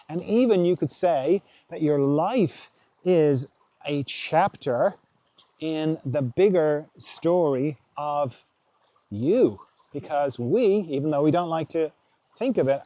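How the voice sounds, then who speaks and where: Mellow-voiced man musing gently. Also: fairly high pitch, no room sound. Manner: voices imagined inner thoughts aloud. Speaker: podcast host. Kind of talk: reflective spiritual talk.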